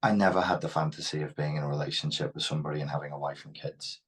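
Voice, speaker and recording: A man's voice: very deep voice, steady tone, very fast. A man with a Liverpool Scouse accent, speaking frankly and reflectively as an interview guest. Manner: reflective, frank, occasionally swears. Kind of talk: candid interview talk.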